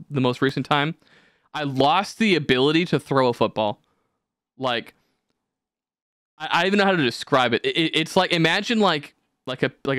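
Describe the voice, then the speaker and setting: A young man hosting a podcast, telling stories in casual chat with lots of swearing and animated energy. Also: medium pitch, clean tone, dry recording, clean studio sound. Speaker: podcast host.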